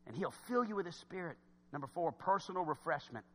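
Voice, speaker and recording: A man preaching a sermon in church, swinging from quiet asides to loud exhortation. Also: on the high side, animated, fairly quick, in a large hall.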